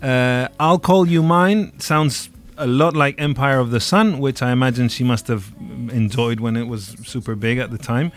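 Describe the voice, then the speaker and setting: Halting, rambling male music reviewer. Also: mid-range voice. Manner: halting, many restarts and fillers. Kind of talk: casual music review chat.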